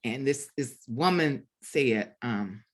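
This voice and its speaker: Lively low-voiced woman telling a story. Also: slow. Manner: animated storytelling with many fillers and restarts. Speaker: author guest. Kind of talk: storytelling conversation at a book event. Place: bookstore event.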